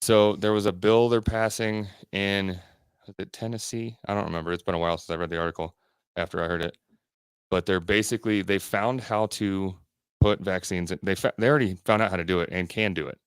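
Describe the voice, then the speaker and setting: A man's voice: low-pitched, fairly even intonation, a little fast, clean tone, no room sound, studio quality. A man co-hosting a podcast in casual chat, blunt and ranting, swearing often. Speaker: podcast co-host.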